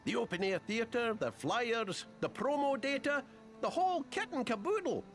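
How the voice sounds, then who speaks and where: A man's voice: very high-pitched, expressive, moderate pace, faint music behind, exaggerated voice. An actor playing a genial, folksy male restaurant backer in a video game cutscene, full of old sayings. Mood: cheerful. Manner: folksy, warm-hearted speech with old sayings.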